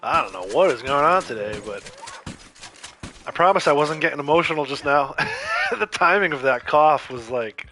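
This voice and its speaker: Soft music plays behind a man hosting a casual gaming livestream as he chats with viewers in a rambling, laid-back way. His high-leaning voice is expressive, bright and forceful at a moderate pace, though his throat is a bit scratchy from coughing.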